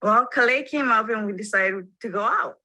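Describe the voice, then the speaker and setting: A woman plays a family member in a mediation demonstration and answers plainly and earnestly. Her voice is bright and forward. The sound is dry and close. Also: on the high side, moderate pace, no echo, rough recording. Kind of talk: acting out a family conflict in a demonstration.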